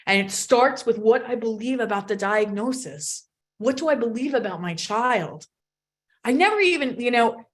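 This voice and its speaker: A woman's voice: fairly high pitch, a bit bright. A woman coaching parents in a live online workshop, talking bluntly and emphatically and swearing freely. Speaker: autism potty training coach.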